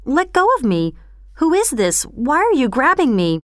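A woman's voice: high voice, big pitch swings, normal speed, a bit bright, dry recording, clean studio sound, voice pushed up. A woman reading a storybook aloud, voicing a frightened small orphan boy who protests in panic. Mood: alarmed.

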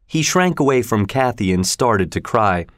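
A man narrating a storybook in a slow, measured reading style. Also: fairly low pitch, expressive, fairly bright tone, no echo, clean studio sound.

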